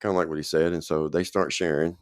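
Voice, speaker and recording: Host, man with an extremely low voice, rambling personal storytelling, dry close sound. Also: little pitch movement, quick pace, no echo. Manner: rambling, checks in with the listener often. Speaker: podcast host telling his own story. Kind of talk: casual spoken storytelling.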